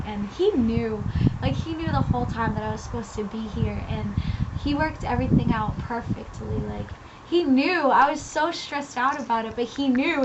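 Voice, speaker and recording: A young woman from New England sharing a personal testimony in casual chat, with a chatty manner full of fillers. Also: on the high side. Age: young adult. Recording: lo-fi with loud background noise.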